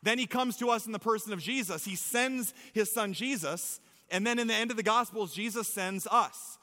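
Bright, high-voiced energetic preacher man. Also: moderate pace. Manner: energetic, playful, emphatic preaching. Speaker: pastor. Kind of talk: sermon. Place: church stage before a congregation. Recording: long reverb of a large hall.

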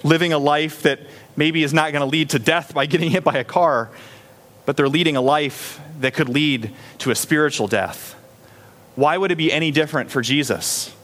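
A man's voice: on the high side, normal speed, fairly bright tone. A man preaching a sermon in a conversational way, acting out little scenes with a raised voice. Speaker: pastor.

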